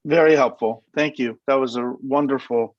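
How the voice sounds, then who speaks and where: A man's voice: medium pitch, fairly even intonation, moderate pace, dry recording. Man thanking the teacher over a dull, dry line. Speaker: class participant. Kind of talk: brief appreciative remarks.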